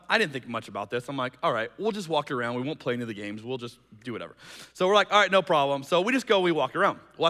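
A male pastor preaching with a bright, forceful voice that sits a little high for a man. He tells stories and acts out the people in them. His voice carries a long hall reverb. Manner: storytelling, acts out quoted voices. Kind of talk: sermon with a personal story. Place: church hall.

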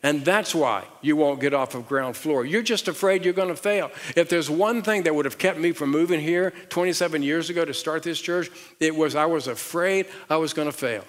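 A man's voice: fairly high pitch, normal speed, hardly any pauses. A middle-aged man with a Southern US accent preaching a sermon as pastor, talking conversationally with frequent repeated words and rising emphasis. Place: large church auditorium. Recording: long hall reverb.

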